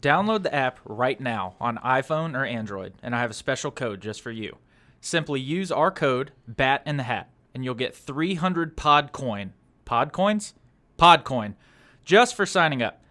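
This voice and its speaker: A man's voice: medium pitch, animated, unhurried, bright, forceful tone. A man co-hosting a podcast, chatting casually about a movie and mimicking people in exaggerated voices. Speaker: podcast co-host. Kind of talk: casual movie review chat.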